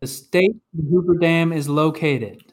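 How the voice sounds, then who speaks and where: A man's voice: a little high, unhurried. A man hosting a casual podcast trivia game, reading clues and announcing scores.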